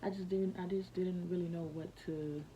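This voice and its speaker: A woman's voice: fairly low pitch, fairly even intonation, moderate pace, mellow, a little hiss or hum, low-quality recording. A young woman vlogger telling a personal story in a rambling, casual way, full of fillers and restarts.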